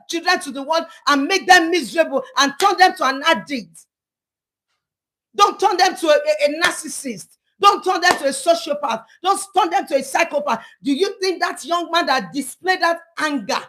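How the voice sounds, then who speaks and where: A woman's voice: high voice, fairly bright tone. A middle-aged woman, a counselor and church speaker, talking to viewers live in an emphatic, pleading, preachy way that repeats phrases. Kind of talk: impassioned live talk to viewers.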